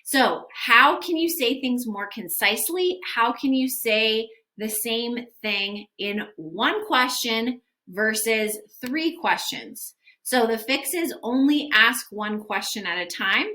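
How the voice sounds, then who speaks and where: Speaking slowly with few pauses, a young adult woman with a slightly high, sharp voice and lively intonation gives an upbeat instructional video lesson. As a sales coach for gym owners, she covers follow-up casually and acts out example texts.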